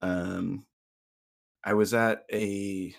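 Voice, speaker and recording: A man's voice: lowish voice, little pitch movement, extremely slow, gravelly. A man in his twenties co-hosting a podcast, telling loose, profane, self-mocking stories in casual chat. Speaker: podcast co-host.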